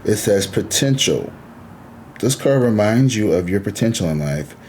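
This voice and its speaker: Deep-voiced laid-back male tarot reader. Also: animated, normal speed, a little mellow, a little hiss or hum. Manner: laid-back, chatty, reassuring, with casual swearing. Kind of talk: casual tarot reading.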